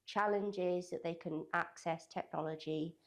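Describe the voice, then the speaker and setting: Lower-voiced young woman, hedging interview talk. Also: steady tone, unhurried. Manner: loose, hedging talk full of "kind of" and "sort of". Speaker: digital communications apprentice at a college. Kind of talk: interview answers.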